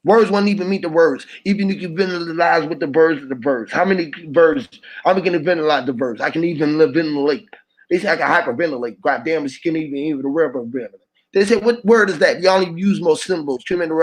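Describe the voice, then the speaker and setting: A host with a fairly high voice talks fast, first freestyling a loose flow of rhyming wordplay, then sliding into casual, profanity-heavy chat. He's sitting indoors.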